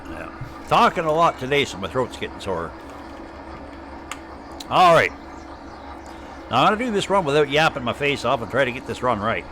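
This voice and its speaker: A man's voice: medium pitch, big pitch swings, moderate pace, pauses often, bright, forceful tone. A man from Canada with an Ottawa Valley accent, rambling and chatting casually as he streams live gameplay commentary. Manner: rambling, chatty, thinking aloud.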